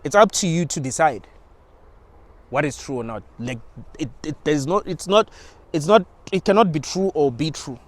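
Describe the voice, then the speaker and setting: A man's voice: on the high side, animated, normal speed. A young man talking in a rambling, informal monologue about spirituality, with slang and frequent restarts. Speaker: channel host.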